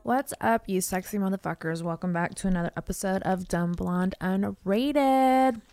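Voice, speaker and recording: A woman's voice: mid-range voice, moderate pace, mellow, no echo, soft background music. A young woman hosting a podcast, chatting casually, swearing a lot and laughing often, and reading ads. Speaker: podcast host. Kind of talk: casual podcast chat and read ad.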